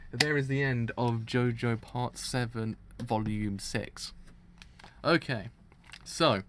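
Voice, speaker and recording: Excitable young man with a dry, sore throat. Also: medium pitch. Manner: excitable, swears, repeats and restarts. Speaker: streamer. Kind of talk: live reaction and discussion.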